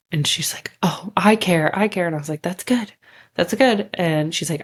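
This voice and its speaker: Woman host, low voice, casual candid monologue. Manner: candid, chatty, swears casually. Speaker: podcast host.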